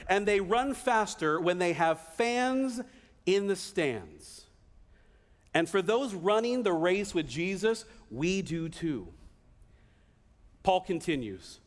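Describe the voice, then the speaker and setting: A man pastor preaching a sermon in a church, animated, now and then acting out the voices of people cheering. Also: sits high. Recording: reverberant church hall.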